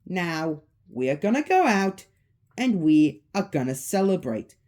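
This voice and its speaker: A sinister male animatronic rabbit from a spooky fan story, drawing out his words with gloating menace, as a woman reads him. The voice sits low and mellow, unhurried. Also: big pitch swings. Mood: menacing.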